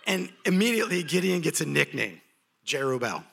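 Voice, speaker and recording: A man preaching a sermon, telling a story in an animated, humorous way. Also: on the high side, moderate pace.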